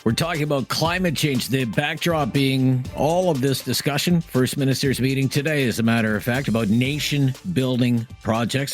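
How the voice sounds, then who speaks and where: A man hosting a radio call-in show, briskly steering callers with short acknowledgments. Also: mid-range voice. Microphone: studio microphone.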